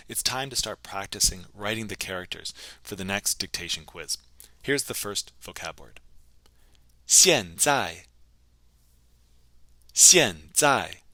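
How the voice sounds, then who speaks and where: A man teaching a recorded language lesson, slowly and clearly modeling phrases and repeating them for students to practice. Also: on the low side, pushed and bright, dry recording.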